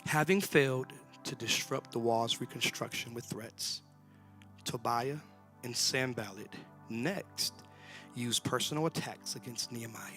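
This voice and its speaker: A man preaching a sermon in a church, talking in a loose, colloquial way and swinging between shouts and whispers. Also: mid-range voice, normal speed, faint music behind. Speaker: pastor. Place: church sanctuary.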